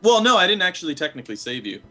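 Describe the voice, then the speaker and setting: A man's voice: high-pitched, very animated, racing, pushed and bright. A young man chatting casually while playing a card game, rambling and trailing off, with the odd curse. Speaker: player.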